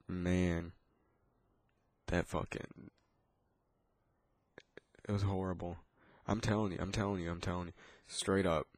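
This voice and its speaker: Profane rambling man with a low voice. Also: darkish tone, no echo. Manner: swears constantly, rambling with restarts. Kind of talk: casual profane rant.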